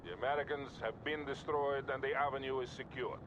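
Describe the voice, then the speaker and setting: A man's voice: mid-range voice, steady tone, a little fast, natural voice. An actor playing a solemn Soviet commander addressing his troops in a video game radio briefing. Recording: dull game audio with crowd noise.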